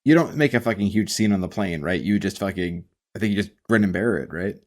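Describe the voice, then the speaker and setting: A man with a low voice talks loosely on a podcast, swearing freely. His speech is full of "like" and blunt opinions. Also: fast. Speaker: podcast co-host. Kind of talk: casual chat.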